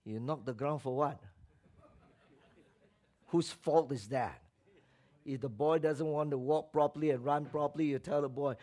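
A man preaching a sermon, emphatic and calling for responses from the congregation, swinging between loud exhortation and quiet remarks. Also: on the high side, measured pace, long pauses. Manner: acts out quoted voices with mocking tones.

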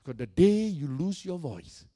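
A man's voice: a little high, sing-song, normal speed, warm tone. A male pastor preaching a sermon, emphatic and repetitive, putting direct questions to his congregation.

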